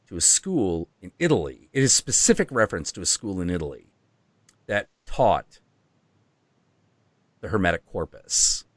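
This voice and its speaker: A man hosting a casual podcast, explaining at length with animated asides. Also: low-pitched, no echo. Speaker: host.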